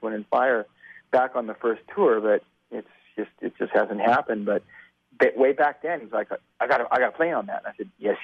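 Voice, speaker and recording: A man in his fifties, a musician guest telling stories over the phone, animated and acting out the voices of the people he quotes. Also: medium pitch, no room sound. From United States. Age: 50s. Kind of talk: casual storytelling on a phone interview. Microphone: telephone. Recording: tinny phone line.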